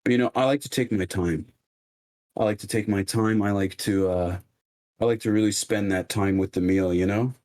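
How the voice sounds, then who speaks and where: A man streaming from his home kitchen, chatting casually and joking at his own slow cooking. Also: on the low side, steady tone, darkish tone. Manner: joking, self-mocking, unhurried.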